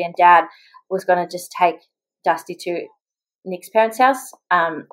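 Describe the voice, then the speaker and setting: A woman's voice: lowish voice, poor audio. A young Australian woman, a mother, chatting as a podcast guest and telling her story with lots of "like" and quoted voices. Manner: chatty, quick, full of "like" and acted-out quotes. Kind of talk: casual storytelling in an interview.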